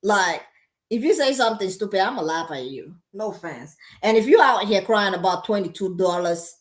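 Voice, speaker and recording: A woman's voice: mid-range voice, lively intonation, moderate pace. A woman hosting a reaction video, giving sassy, emphatic casual commentary and laughing often.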